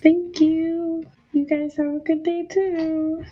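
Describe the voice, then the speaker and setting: A woman playing a tabletop game, hesitant and soft-spoken. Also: very high-pitched, level tone, slow, background noise. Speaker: player. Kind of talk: casual tabletop play. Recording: dull lo-fi mic.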